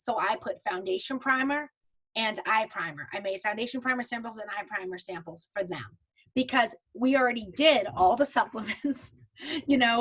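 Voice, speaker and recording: A woman's voice: on the high side, slightly rough. Chatty woman teaching a video class. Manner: chatty, walks through steps with restarts. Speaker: makeup consultant teaching a virtual class. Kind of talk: casual live video training.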